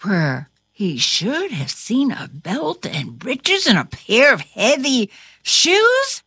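A woman reading a fairy tale aloud with very expressive, dramatic delivery. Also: vocal fry, breathy edge, no room sound, studio quality. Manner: highly expressive, slow and dramatic. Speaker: storyteller. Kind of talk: storybook read-aloud.

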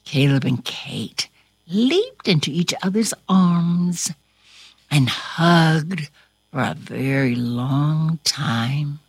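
A woman's voice: sits low, expressive, extremely slow, slightly rough, dry recording, studio quality. A woman reading a storybook aloud to a listener in a dramatic, theatrical way, dropping into whispers and bursting into exclamations. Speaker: storybook reader.

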